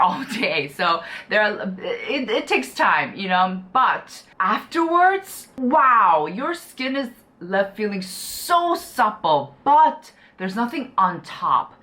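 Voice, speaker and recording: A woman's voice: mid-range voice, sharp tone. A young woman chatting casually to camera as she reviews skincare products, gushing and full of "you know" and "like". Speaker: beauty YouTuber.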